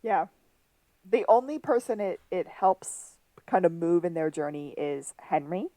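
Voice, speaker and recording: Recapping a TV episode for her podcast, a woman co-host retells scenes complete with quoted dialogue, chatting casually and laughing a lot. Her voice is on the low side, warm and animated, with a measured pace and a dry recording.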